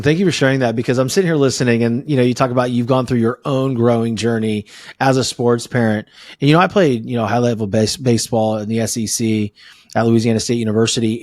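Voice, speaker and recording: A middle-aged man hosting a podcast interview, telling stories in quick animated bursts. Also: mid-range voice, no echo, studio quality. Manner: animated storyteller, talks fast in bursts. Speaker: podcast host. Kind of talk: casual conversational interview.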